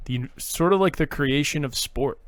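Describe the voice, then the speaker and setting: A man's voice: a little high, normal speed, no room sound. A man co-hosting a podcast in casual chat, rambling and jokey, swearing casually. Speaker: podcast co-host.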